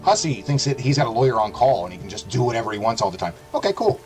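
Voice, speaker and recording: A man's voice: medium pitch, big pitch swings, very fast, darkish tone, faint music behind, low-quality recording. A young adult male streamer delivering a sarcastic, profanity-heavy rant on his livestream.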